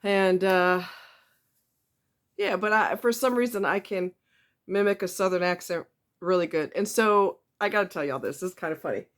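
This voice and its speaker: A woman from the northeastern United States, talking casually to camera as a self-help vlogger, chatty and quick to laugh, repeating words for emphasis. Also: on the low side.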